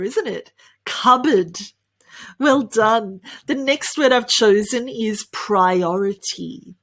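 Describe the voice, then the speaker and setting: An Australian woman teaching English pronunciation in an online lesson, cheerful, often laughing and drilling words slowly. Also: a little high.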